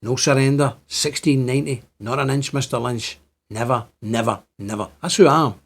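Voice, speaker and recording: This fifty-something man from Northern Ireland talks to camera with an Ulster Scots-flavored accent, repeating himself fervently and rising to exclaim. His medium-pitched voice is husky with vocal fry, at a moderate pace.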